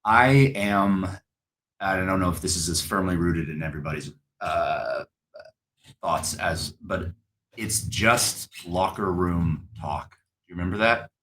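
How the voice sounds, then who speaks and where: A man's voice: low voice, a little slow, a bit bright. A man hosting a political discussion show, speaking with building passion. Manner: impassioned, building to anger. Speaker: podcast host. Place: in-person studio.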